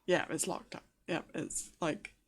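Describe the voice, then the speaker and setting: A woman running a tabletop game as game master, describing scenes hesitantly with many fillers and restarts. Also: measured pace.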